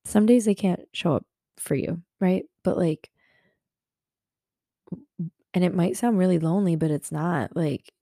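Young woman podcast host, gravelly low voice, earnest self-help chat with lots of fillers, dry close sound. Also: unhurried, pauses often, dark tone, dry recording. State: a little hungover. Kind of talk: casual self-help talk. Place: in her bed at home.

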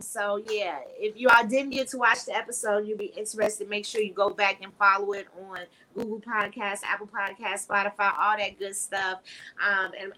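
A woman hosting a casual live podcast, talking frankly and preachily, her voice swinging between loud and soft. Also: medium pitch, rough recording. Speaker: podcast host.

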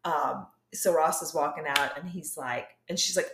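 A woman's voice: deep voice, fairly even intonation, moderate pace, a bit bright. A woman chatting as a guest on a podcast, rambling and laughing, losing her train of thought. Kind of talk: casual chat. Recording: echoey room.

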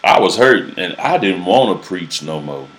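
A man who preaches, telling his own story in a halting, earnest way, repeating words as he searches for them. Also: low voice, animated, fairly bright tone. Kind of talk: personal testimony in a casual interview.

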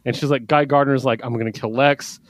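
Brief: male podcast co-host, mid-pitched, animated and profane comics recap, dry close mic. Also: fairly quick, no room sound. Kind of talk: casual comic book review chat.

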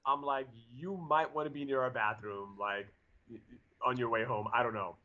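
A man's voice: medium pitch, fairly even intonation, normal speed, sharp tone. A man in his forties telling a story in a casual chat, rambling with lots of fillers and restarts. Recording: dull lo-fi audio.

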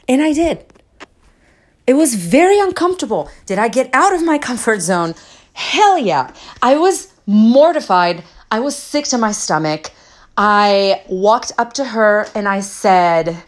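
A woman's voice: a little high, very animated, a little slow. A woman hosting a solo podcast, telling a personal story in an earnest, emotional, confessional way and repeating herself for emphasis. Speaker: podcast host.

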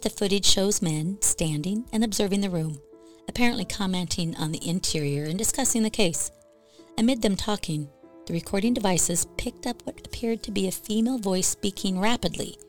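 A woman telling a ghost story as scripted narration for a podcast, in an even, measured way. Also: medium pitch.

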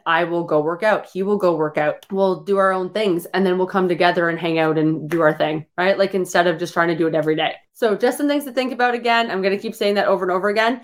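A woman fitness coach hosting a live-streamed podcast, speaking in a casual motivational style, blunt and energetic, swearing freely and using lots of fillers. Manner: voices the listener's complaints in a higher pitch.

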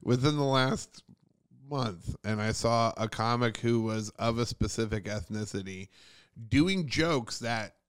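A man's voice: medium pitch, unhurried, clear, resonant tone. A young adult man, a comedian guest on a podcast, chatting casually and telling rambling stories with laughs.

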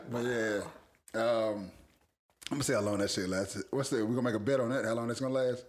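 A man's voice: medium pitch, quick pace. A young man co-hosting a casual talk show, telling stories loosely with lots of swearing and frequent laughter. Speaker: podcast co-host. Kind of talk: casual chat.

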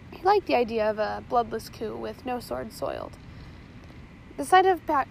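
A woman's voice: on the high side, vocal fry, slight background noise, poor audio. A woman narrating an adventure story aloud, reading steadily with occasional slips and restarts.

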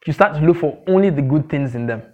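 High-voiced preacher, lo-fi sound. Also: male voice, expressive, fast talker. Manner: emphatic, repeats key phrases, asks the congregation questions; acts out gossip in a mocking squeaky voice. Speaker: pastor. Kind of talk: sermon.

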